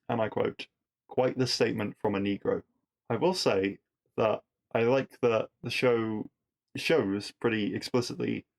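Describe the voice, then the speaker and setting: A man hosting a podcast, casually recapping a TV episode with wry asides and rhetorical questions. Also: mid-range voice.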